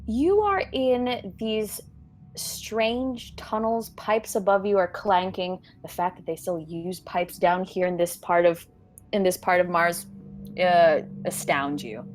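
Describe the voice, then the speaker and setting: A woman's voice: lowish voice, takes it slowly, faint music behind. Woman narrating as game master. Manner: descriptive narration with fillers.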